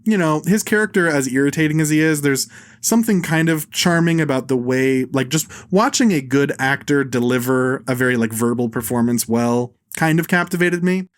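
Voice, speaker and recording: A man hosting a casual film podcast, talking bluntly, swearing freely and tossing in quick impressions of actors. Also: mid-range voice, no room sound. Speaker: podcast host. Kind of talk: casual film review chat.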